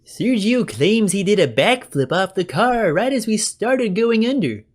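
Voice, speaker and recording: A man voicing an excitable young male henchman, with a high, loud, yelping voice. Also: unhurried, exaggerated voice. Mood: frantic, excited.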